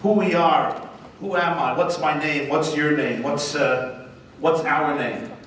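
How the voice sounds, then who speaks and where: A man's voice: on the high side, slow pace. Man giving a joke-filled speech in an echoing hall. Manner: joke-telling, animated. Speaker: guest speaker, rabbi. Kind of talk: humorous gala speech. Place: large banquet hall. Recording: echoey banquet hall from far off, noisy.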